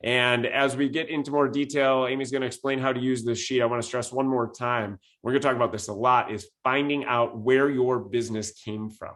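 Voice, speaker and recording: A man's voice: medium pitch, fairly even intonation, brisk, few pauses, a bit bright. A man co-teaching a business-planning session, methodical and data-focused, stressing his key points. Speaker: real estate business coach. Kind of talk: instructional webinar talk.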